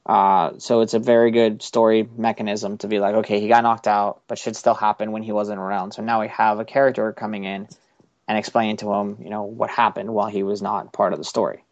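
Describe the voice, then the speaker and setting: A young man with a lowish voice hosts a chatty podcast, rambling loosely through a recap and swearing now and then. The sound is dry and a little dull, with no room behind it. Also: little pitch movement, brisk, no room sound. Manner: rambling, loose, swears casually, many fillers. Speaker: podcast host. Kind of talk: casual chat recapping an anime episode.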